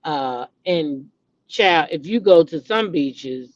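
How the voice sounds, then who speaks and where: A woman's voice: low voice, animated, takes it slowly. A middle-aged woman hosting a casual gossip chat. She talks animatedly, repeats names and breaks into dramatic exclamations. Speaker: host. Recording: dull lo-fi recording.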